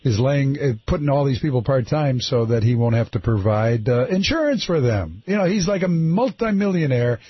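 A male radio talk show host taking calls, talking in an animated, rambling, sarcastic way. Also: mid-range voice, normal speed, hardly any pauses, husky, no echo. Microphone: studio microphone. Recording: slightly muffled dry broadcast audio.

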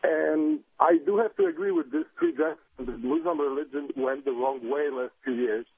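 A man's voice: fairly high pitch, sing-song, vocal fry, breathy edge, no echo. Polish man calling over a tinny phone. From Poland. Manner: halting, careful non-native phrasing. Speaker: caller. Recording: bad, tinny phone line.

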